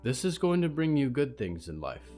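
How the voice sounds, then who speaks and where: A man voicing a mother who gives her child a quiet, earnest warning. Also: medium pitch, sing-song, moderate pace, faint music behind, pitched above the performer's own voice, close to an everyday voice. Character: caring mother giving a stern warning.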